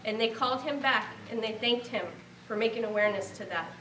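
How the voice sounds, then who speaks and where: A woman's voice: on the high side, fairly quick, reverberant, recorded from a distance, noisy background. A woman in her thirties from Nebraska giving a heartfelt award acceptance speech, earnest and grateful. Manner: heartfelt, earnest, speaking of a lost relative.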